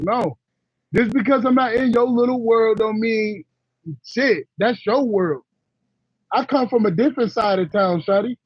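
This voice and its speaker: A man's voice: very high-pitched, dry recording, highs cut off. A man chatting casually on a livestream to his viewers, blunt and rambling, with slang and laughing asides. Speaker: livestream host.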